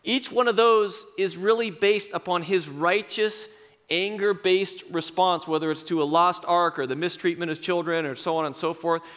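A male pastor preaching a sermon in a conversational, self-deprecating way, slowing down for emphatic phrases. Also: high voice, fairly bright tone. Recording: long reverb in a large hall.

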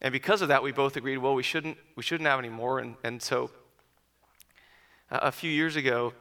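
Man, 40s, brisk bright tone, personal storyteller moving from animated to hushed and reflective. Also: medium pitch. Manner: animated, then quiet and reflective. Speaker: speaker addressing an audience.

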